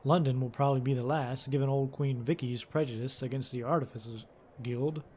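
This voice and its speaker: A man voicing a brusque, grumpy female mechanic in a story game, speaking gruffly and a little louder and higher than his own voice. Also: fairly even intonation, a little fast, a little hiss or hum, natural voice. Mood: grumbling.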